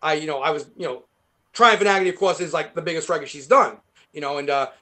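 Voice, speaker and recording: Fast-talking New York man, high voice. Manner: rambling, animated storytelling with many fillers. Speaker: guest guitarist. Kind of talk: casual interview chat.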